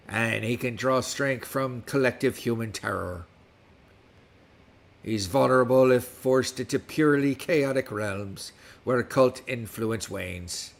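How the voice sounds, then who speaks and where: Gravelly man in a pirate voice. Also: medium pitch. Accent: put-on West Country pirate accent. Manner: playful pirate talk, reads stats aloud. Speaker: livestream host. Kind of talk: casual livestream chat in a pirate voice.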